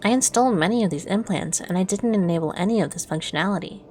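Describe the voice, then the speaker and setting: A woman voicing a nervous gang doctor speaking hushed over a call. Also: fairly low pitch, fast talker, soft background music, close to an everyday voice. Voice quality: hushed, quiet.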